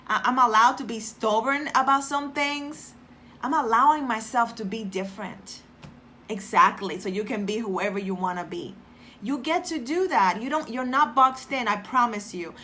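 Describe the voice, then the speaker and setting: A middle-aged woman speaks to her viewers in a bright, somewhat high voice. She is earnest and emphatic, circles back to the same phrases, and trips over her own restarts. A faint hum sits under her voice. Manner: addresses viewers directly, reads out commenters' names. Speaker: motivational vlogger. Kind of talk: casual motivational talk to viewers.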